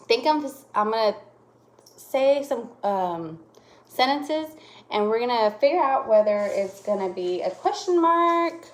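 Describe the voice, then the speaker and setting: A young woman with a slightly high voice, teaching a lesson to small children. She is patient and checks in constantly, and she stretches her intonation up and down to demonstrate. She talks warmly and simply, as a teacher to young learners. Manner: patient, checks in often with "okay?".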